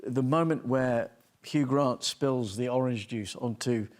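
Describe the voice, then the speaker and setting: A man's voice: medium pitch, unhurried. A man on a talk show telling a rambling, self-deprecating story with many restarts. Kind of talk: anecdote telling.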